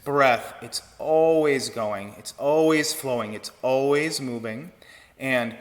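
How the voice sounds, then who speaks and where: A man giving an online choir lesson, explaining breath and vowel shape in a relaxed teaching manner. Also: medium pitch, slow pace, big-room sound. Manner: relaxed teaching talk with sung demonstrations. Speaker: choir director. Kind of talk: online vocal technique lesson.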